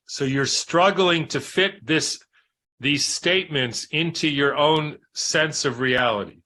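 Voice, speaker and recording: A man reading a book aloud in a measured, reflective way, pausing for spoken asides. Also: on the high side, bright, forceful tone. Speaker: reader and commentator.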